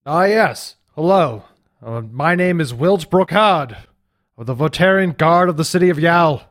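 A man voicing a proud male city guard who talks with a big, measured voice. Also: fairly high pitch, expressive, a bit bright. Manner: big, measured, sizing people up.

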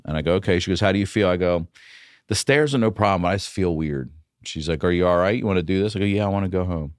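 A man, a comedian guest on a podcast, telling a story in a casual, profane and animated way. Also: sits low, quick pace, smooth, no echo, studio quality.

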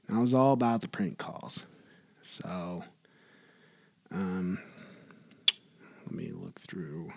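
A man's voice: mid-range voice, a little mellow. A young man hosting a solo podcast, rambling casually with lots of restarts and filler words. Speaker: podcast host.

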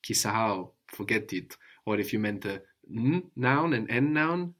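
A man's voice: fairly low pitch, lively intonation, unhurried, fairly bright tone. A man teaching a one-on-one language lesson, patiently drilling with prompts and tag questions.

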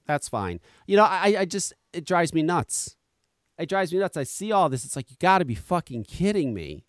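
A man's voice: sits high, lively intonation, normal speed, dry recording, clean studio sound. A man hosting a talk radio podcast, ranting sarcastically with heavy swearing. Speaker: podcast host.

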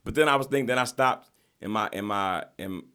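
A man hosts a casual podcast chat, telling a story with animated energy and plenty of profanity. His voice sits low and his words come quickly. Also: clear, resonant tone. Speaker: podcast host.

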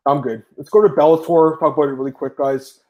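A Canadian man hosting a podcast, talking fast and emphatically and calling his listeners "guys". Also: on the high side, fairly even intonation, muffled recording. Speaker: podcast host. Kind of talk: casual podcast chat.

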